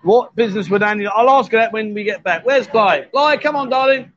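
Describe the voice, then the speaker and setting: A man's voice: high voice, a little fast, a bit bright, muffled recording. Cheeky man hosting a bar live stream. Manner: cheeky, teasing banter. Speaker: host.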